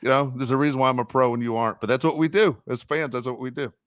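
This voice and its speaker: A man hosting a casual sports podcast, rambling and animated, with mock-complaining asides. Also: mid-range voice, quick pace, no room sound, clean studio sound. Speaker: podcast host.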